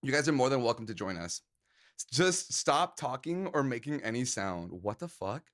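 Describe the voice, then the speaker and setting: A man's voice: medium pitch, very animated, normal speed, a bit bright. A man live-streaming and chatting casually with his viewers, joking around and laughing often.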